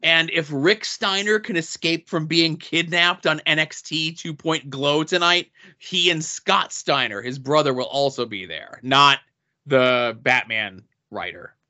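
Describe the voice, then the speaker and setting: A man's voice: fairly high pitch, a little slow, sharp tone, dull audio. A man co-hosting a casual podcast, reading off convention guest lists with dry asides. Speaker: podcast co-host.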